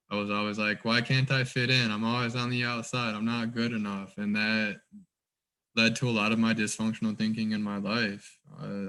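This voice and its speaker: A man hosts a group chat in a relaxed, casual way and swears freely. His voice is low, smooth and resonant. It stays flat, with little rise and fall. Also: rough recording. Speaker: group host.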